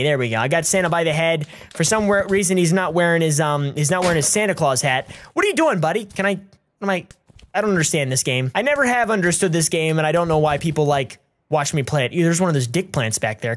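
A man giving crude, goofy commentary while playing a video game, breaking into yells and made-up song lines. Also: on the high side. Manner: goofy, crude, yelling in bursts. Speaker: gaming YouTuber. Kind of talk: let's play commentary.

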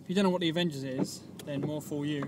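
A man rambles casually about films from inside a car, swearing now and then and losing his thread. His voice sits on the higher side. Loud road and engine noise runs under everything. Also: steady tone, fast talker. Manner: rambling, profane, loses his train of thought. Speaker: vlogger. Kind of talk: casual film chat.

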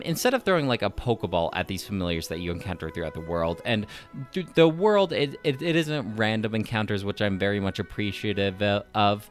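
Chatty young man reviewing a game. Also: on the low side. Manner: chatty, enthusiastic, lots of "like" fillers. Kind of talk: casual spoken game review.

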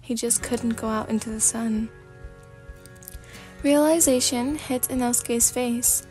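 A woman narrating a fanfic as a sleepy ASMR reading, in a calm, steady storybook manner. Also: on the high side, unhurried, long pauses, faint music behind.

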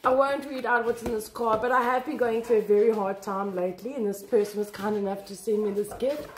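A woman unboxing gifts on camera, talking excitedly and emotionally to her viewers. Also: on the high side, brisk, echoey room, slight background noise. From South Africa. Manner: excitable, emotional, exclaiming and laughing. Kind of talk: casual chat to camera.

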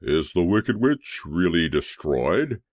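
A man voicing a hidden wizard's imposing voice that booms from a throne, slow and grave, in an audiobook. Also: very animated, dry recording, studio quality, heavily acted.

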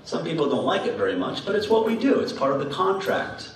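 A man's voice: on the high side, big pitch swings, quick pace, far from the mic, slight background noise. A man giving a children's message in church, playful and laughing as he quizzes the kids with riddles. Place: church sanctuary. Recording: echoey sanctuary heard from afar.

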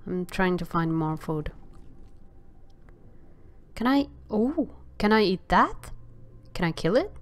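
A woman casually commenting on a video game as she plays, exclaiming often and stammering filler sounds when things go wrong. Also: on the low side. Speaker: gameplay commentator.

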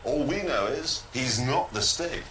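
A man's voice: medium pitch, expressive, measured pace, fairly bright tone, roomy sound, slight background noise. A man with an English accent, presenting on a motoring show in a sardonic, mocking manner. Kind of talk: scripted comic presenting.

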